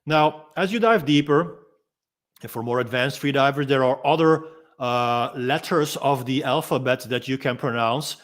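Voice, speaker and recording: A freediving instructor calmly explaining and demonstrating techniques in a gentle, unhurried way, pausing often with ums. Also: male voice, medium pitch. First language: Dutch. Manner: calm, gentle explaining with frequent ums and pauses.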